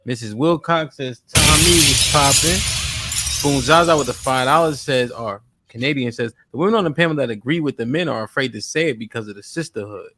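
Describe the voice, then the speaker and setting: A man's voice: medium pitch, quick pace, few pauses, a bit bright, a little hiss or hum. A man hosting a live-stream talk show, casually reading out donor messages and questioning a caller. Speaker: podcast host. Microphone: studio mic.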